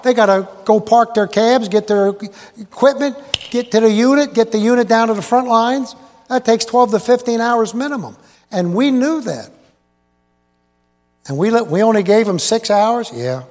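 A high-pitched male preacher delivers a wandering, joke-laced sermon in a big hall. His talk is folksy and full of asides, and he keeps quizzing the congregation. A long reverb trails every phrase. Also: darkish tone. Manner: folksy, digressive, quizzes the audience. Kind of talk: rambling sermon with jokes and asides. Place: large hall with live congregation.

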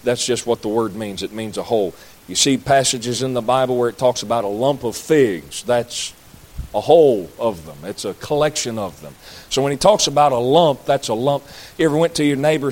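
A man's voice: mid-range voice, brisk, darkish tone. A man preaching a sermon, folksy, with jokey asides to the congregation. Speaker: pastor.

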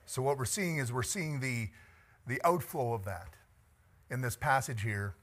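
A man's voice: medium pitch, lively intonation, normal speed, fairly bright tone. A middle-aged man preaching a conversational sermon as pastor, chatty and joking, laughing often and moved by the text.

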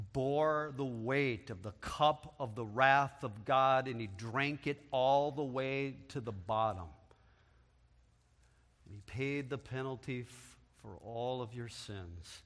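A man preaching a sermon as pastor, swinging between hushed, slow passages and loud, emphatic ones. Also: medium pitch, big-room sound. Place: church sanctuary.

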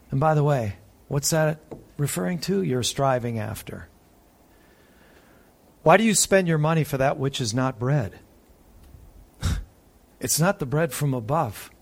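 A man preaching a sermon as pastor, reading scripture aloud and pausing for emphasis. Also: on the high side, a little mellow.

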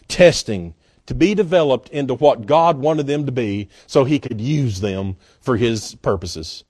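A man preaching a sermon as guest pastor, in a folksy, conversational way that swings between emphatic peaks and quiet, drawn-out asides. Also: mid-range voice, no echo, clean studio sound.

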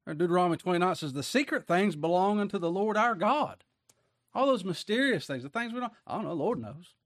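A man's voice: on the high side, no echo, clean studio sound. A man preaching a conversational sermon, often asking his listeners rhetorical questions.

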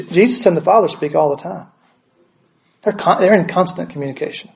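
Male pastor, slightly high-pitched, preaches with questions and repetition. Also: low-quality recording. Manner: asks the congregation questions, repeats words for emphasis. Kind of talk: sermon.

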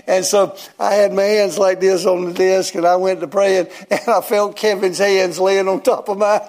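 Older man in his seventies, folksy rambling preacher, fairly high voice, chuckles a lot. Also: fairly even intonation, unhurried, darkish tone. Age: 70s. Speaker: guest preacher. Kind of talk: sermon storytelling.

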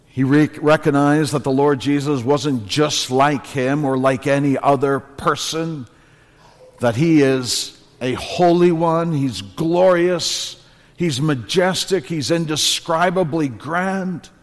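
A man's voice: a little high, slow. A man preaching a sermon in church, earnest and building to emphatic repeated phrases. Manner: earnest, rising to emphatic repetition. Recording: long reverb of a church hall.

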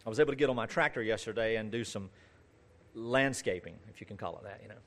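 A man with a voice on the low side talks fast as he preaches. This pastor reads scripture first, then shifts into earnest conversational talk with rising and falling emphasis and lists that build in force.

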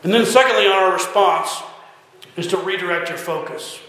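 Man, preacher, fairly high voice, sermon delivery, repeated questions, very echoey room, long reverb. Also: normal speed, pushed and bright. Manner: repeated rhetorical questions to listeners. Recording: heavy echo, long hall reverb.

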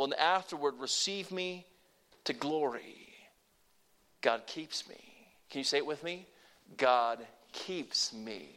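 Here an older male preacher, his voice pitched high, gives an emphatic sermon. He falls to a near whisper, then climbs back to full volume, prompting the congregation to repeat brief phrases after him.

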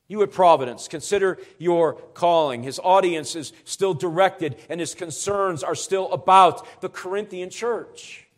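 A pastor delivers an expository sermon in a notably high voice for a man. He explains things in an earnest, teacherly way and presses his points with rising, emphatic urgency. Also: a little slow, hardly any pauses.

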